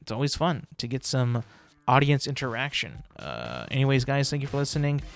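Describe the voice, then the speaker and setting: A man's voice: medium pitch, animated, brisk, creaky, no echo, soft background music. Rambling, profane young male podcast host. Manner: rambling, profane, many fillers and restarts. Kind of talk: solo podcast rant.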